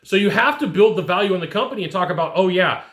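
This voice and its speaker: A man with a high, forceful voice coaches his listeners with animated, direct talk, often tossing in "right?" to check they follow. His voice rings in a roomy, echoey space. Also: quick pace. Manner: animated, talks straight to the listener, keeps asking "right?". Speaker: sales coach. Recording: echoey room.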